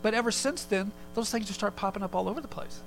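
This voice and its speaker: A man preaching a sermon in a relaxed, conversational way, telling a personal story with quick asides. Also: high-pitched, vocal fry, a little hiss or hum, low-quality recording. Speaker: pastor.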